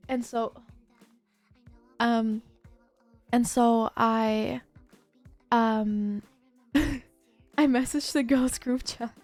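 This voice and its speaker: Rambling, high-voiced woman streamer. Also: a little mellow, no echo. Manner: rambling anecdotal storytelling with many "like"s and restarts. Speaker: livestreamer. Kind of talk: casual livestream chat.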